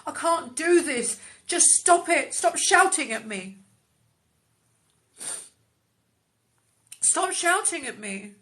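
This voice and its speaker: A woman's voice: medium pitch, level tone, fast, natural voice. A woman voicing a distraught young woman who pleads to be left alone under pressure. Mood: anguished. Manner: pleading, near tears, rising to shouts.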